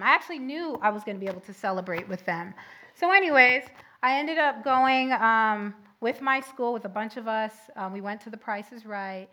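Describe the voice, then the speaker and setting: A young woman preaching a sermon, telling a personal story with lively swings between loud and soft. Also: fairly high pitch, a little fast.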